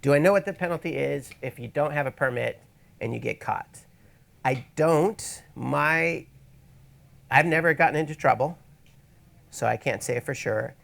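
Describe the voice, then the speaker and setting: A man's voice: on the high side, normal speed, gravelly, pauses often, fairly bright tone. A man presenting a photography workshop in a casual teaching style, with wry, rambling asides, speaking in an event space to an audience. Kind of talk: casual instructional talk.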